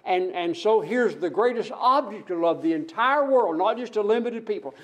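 A man's voice: high-pitched, animated, moderate pace, fairly bright tone. A man preaching a sermon, building his points through emphatic repetition and rhetorical questions to the congregation.

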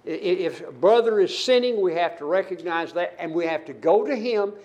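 A man's voice: high-pitched, expressive, a little fast, a little mellow, poor audio. A man preaching a sermon to his congregation, earnestly quoting and explaining scripture. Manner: earnest, scripture-quoting, rising and falling emphasis.

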